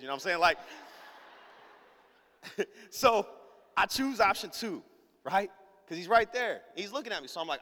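Animated high-voiced pastor telling a story. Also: male voice, a little fast, long pauses, in a large hall. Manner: animated, acts out every character in the story; casual slang-heavy delivery. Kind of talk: storytelling sermon.

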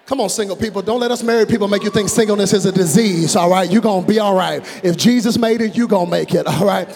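A male preacher giving an animated sermon, moving between hushed storytelling and shouted, drawn-out phrases. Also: sits high, creaky. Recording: long reverb of a large hall.

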